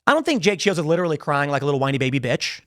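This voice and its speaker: A podcast host rants against his critics, speaking straight into a studio mic. His high, slightly bright voice is sing-song and rapid-fire as he mocks them. He repeats phrases for emphasis.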